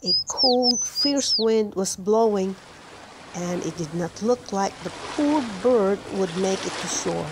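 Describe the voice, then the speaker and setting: A woman reading a children's picture book aloud in a slow, clear storytelling manner, with music playing behind. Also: mid-range voice, expressive, background noise. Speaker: storybook reader. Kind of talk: children's read-aloud narration.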